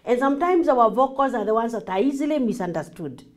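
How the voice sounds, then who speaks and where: A woman with a Kenyan accent teaching a class as a marriage coach, acting out lively examples and slipping in Swahili. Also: on the high side, fast. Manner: animated, acts out examples, mixes in Swahili.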